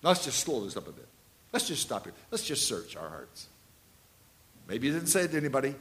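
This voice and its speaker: A man around seventy preaching a sermon, telling anecdotes and repeating key phrases, swinging between loud and hushed delivery. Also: medium pitch, very animated, a little fast, slight background noise.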